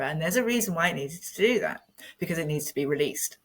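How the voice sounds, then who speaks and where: Low, husky woman in her fifties. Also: fast talker. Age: 50s. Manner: earnest and candid, animated when retelling. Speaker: podcast guest. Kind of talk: reflective personal storytelling.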